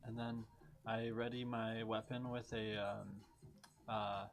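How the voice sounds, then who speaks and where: A man's voice: fairly low pitch, little pitch movement, slow. A man playing a character in a tabletop game, hesitant and full of ums and restarts. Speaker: player. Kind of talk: casual tabletop play.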